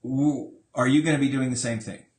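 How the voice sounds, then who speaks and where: A man's voice: mid-range voice, steady tone, a little fast, a little mellow, echoey room. A man conducting a casual interview as an author and dad, with a playful, teasing manner.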